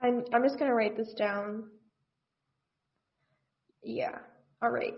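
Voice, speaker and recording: A woman's voice: fairly high pitch, slow pace, gravelly. A woman co-hosting a comedy podcast, chatting casually and reading fanfiction aloud with a rambling, self-interrupting manner. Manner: rambling, self-interrupting, reads text deadpan. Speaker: podcast co-host. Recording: dull lo-fi podcast audio.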